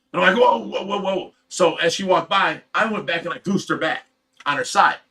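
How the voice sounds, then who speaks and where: A man's voice: a little high, sharp tone. A man hosting a livestream, telling a heated, rambling story full of swearing in casual chat. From Ohio. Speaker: livestream host.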